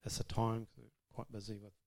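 A man gives an informal testimony about marriage to a church audience, chatty and self-deprecating and laughing often. His lowish voice is flat and darkish with vocal fry, and he talks fairly quickly.

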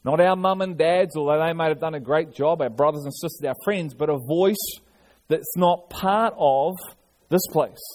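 Earnest preacher, fairly high voice. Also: male voice, normal speed, a little mellow. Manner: earnest preaching with frequent restarts and repetitions. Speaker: pastor. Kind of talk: sermon.

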